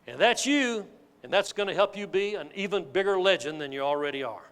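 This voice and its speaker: A man giving a keynote sales speech, telling a folksy, animated story to a live audience. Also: sits high, fairly quick, smooth. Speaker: motivational sales speaker. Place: large hall with an audience. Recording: reverberant hall.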